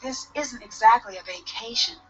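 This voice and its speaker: Nancy Drew, a young detective. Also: female voice, fairly high pitch, moderate pace, slightly rough, faint music behind. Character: young woman detective, polite and determined. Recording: dull lo-fi game audio.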